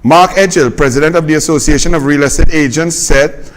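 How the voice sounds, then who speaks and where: A Trinidadian man delivers a political commentary monologue with a high-pitched voice. He is sarcastic and mocking, jumping between loud jabs and quiet, muttered asides. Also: fairly quick.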